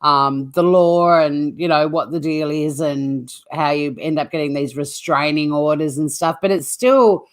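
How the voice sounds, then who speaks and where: A woman's voice: deep voice, unhurried, few pauses. A woman hosting a true crime channel, chatting casually and bluntly on a livestream, swearing freely and rambling as she reacts to live chat.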